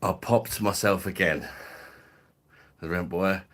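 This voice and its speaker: A man's voice: deep voice, fairly even intonation, slow pace, background noise. A man from London with a Cockney-ish accent, hosting a casual live stream and chatting matily with viewers. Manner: matey, chatty, drops in slang and laughs.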